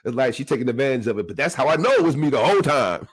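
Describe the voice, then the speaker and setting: A man hosting his own podcast, talking to his listeners in a casual motivational monologue, animated and laughing often. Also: medium pitch, quick pace, husky. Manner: animated, laughs often, talks straight to the audience. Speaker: podcast host.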